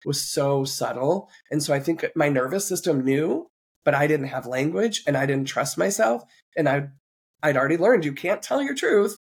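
A woman's voice: deep voice, lively intonation, moderate pace, slightly rough. A woman podcast host being interviewed, earnestly and reflectively recounting a personal story. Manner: earnest, reflective, occasional soft laughs.

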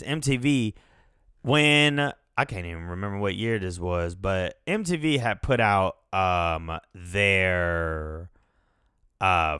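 Slow, low-voiced rambling man. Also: a bit bright, clean tone, no room sound, studio quality. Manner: rambling, profane, laughing. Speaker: podcast host. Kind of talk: casual chat.

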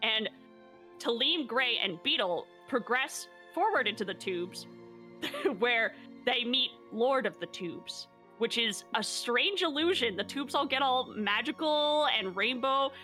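A woman recapping a tabletop game session in casual narration, animated and laughing, often swearing and acting out quotes. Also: a little high, slow pace, soft background music.

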